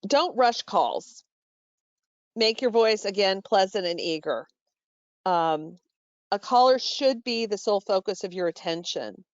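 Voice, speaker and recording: A woman presenting a staff training call, instructive and steady, with frequent fillers and self-corrections. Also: medium pitch, unhurried, no echo, muffled recording. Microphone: call microphone.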